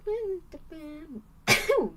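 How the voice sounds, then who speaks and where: A woman chats playfully to her viewers as she draws on a live stream. Her pitch swings widely, and she drifts into humming little tunes. A faint hum of noise sits behind her voice. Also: very animated, very slow, a bit bright. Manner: playful, chatty, thanks viewers, hums and sings little sounds. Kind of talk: casual live-stream chat while drawing.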